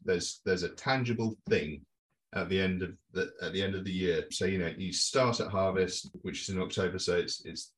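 A man who is a winemaker, co-hosting a casual podcast, talking in halting starts and repeats. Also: low voice, far from the mic, slight background noise. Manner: halting, repeats words, tangential. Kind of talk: casual chat.

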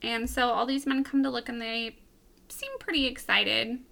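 A woman co-hosting a podcast, retelling a comic in casual chat, giggly and animated. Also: a little high, moderate pace, gravelly. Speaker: podcast co-host.

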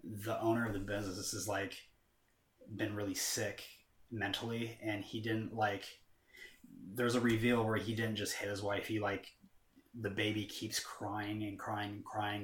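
Rambling man with a lowish voice. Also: little pitch movement, unhurried, a bit bright. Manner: rambling, heavy filler words and casual swearing. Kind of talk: casual chat. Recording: roomy echo.

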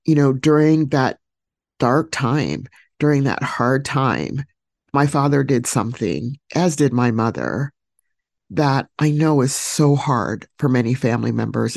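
A woman hosting a podcast, telling a personal story alone in a reflective, heartfelt way, pausing to search for words. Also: very deep voice, darkish tone, dry recording, clean studio sound. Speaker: podcast host.

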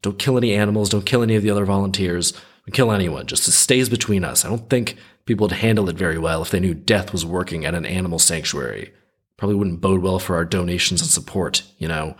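Man reading worn-out young guy who rescues birds, flustered and pleading, low and husky. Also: fast. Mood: exasperated. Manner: exasperated, nervous. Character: anxious weary male bird-sanctuary worker.

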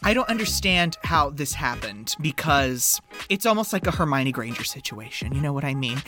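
Animated, giggly woman podcast co-host. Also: extremely low pitch, moderate pace, over music. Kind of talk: casual banter about a film.

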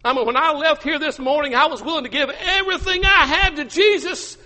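A man's voice: very high voice, moderate pace, long reverb tail, pitched above the performer's own voice. A man voicing a grieving, broken Peter confessing through tears in a sermon, his voice shaky and pleading. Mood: grief-stricken.

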